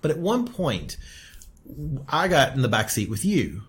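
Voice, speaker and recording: A man's voice: mid-range voice, huge pitch swings, unhurried. A man co-hosting a podcast, telling a story in casual chat and laughing often. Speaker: podcast co-host.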